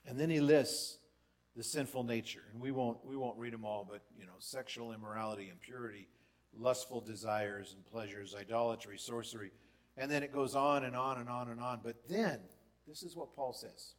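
A man preaching a sermon as pastor, conversational with asides and rhetorical questions, his voice rising for emphasis. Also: moderate pace. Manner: lists in a lowering voice, rises for emphasis.

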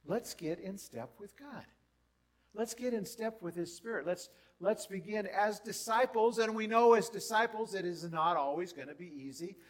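A man preaching a sermon as pastor, conversational with asides and rhetorical questions, his voice rising for emphasis. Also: moderate pace. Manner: lists in a lowering voice, rises for emphasis.

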